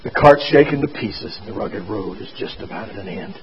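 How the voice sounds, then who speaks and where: A man voicing a gentle young doctor at a dying boy's bedside, speaking low and steady. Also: a little fast, lo-fi sound, crowd noise, natural voice. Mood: gentle, soothing.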